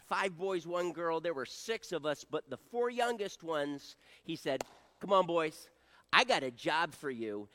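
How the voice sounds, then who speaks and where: A man's voice: on the high side, fairly bright tone. A middle-aged man preaching a folksy storytelling sermon, joking with his audience.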